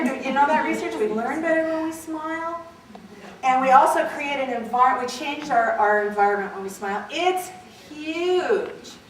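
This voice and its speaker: A woman giving a playful, animated motivational talk to a live audience, laughing often and leading them through exercises. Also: sits high. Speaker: motivational speaker. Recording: echoey hall from far off, background noise.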